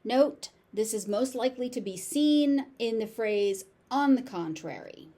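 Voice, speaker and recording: A woman with a General American accent teaching pronunciation, saying each word slowly, sometimes syllable by syllable. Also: a little high, expressive, warm tone. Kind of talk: slow, deliberate pronunciation lesson.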